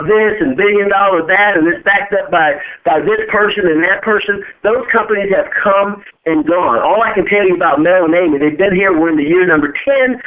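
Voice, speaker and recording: An emphatic man gives a motivational business talk as a guest speaker on a conference call, repeating words to drive points home. His voice sits high and comes through a narrow, phone-like line.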